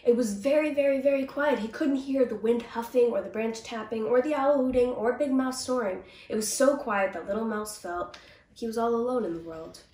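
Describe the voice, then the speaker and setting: A woman actor reading a children's picture book aloud with gentle, expressive storytelling. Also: on the high side, a little fast. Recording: roomy, distant mic.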